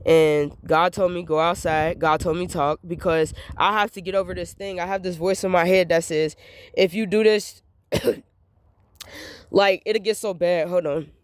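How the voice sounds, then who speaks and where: A woman's voice: lowish voice, fairly even intonation, normal speed, a little hiss or hum. A young adult woman talking straight to her viewers in a candid monologue, venting emphatically and repeating her points. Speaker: vlogger.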